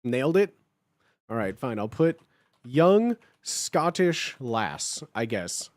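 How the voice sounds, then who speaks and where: A livestreamer in casual chat, reassuring and blunt, who keeps repeating a point to settle viewers. The voice sits at a middling pitch. It sounds dry and close to the mic. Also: sing-song, slow pace, no room sound.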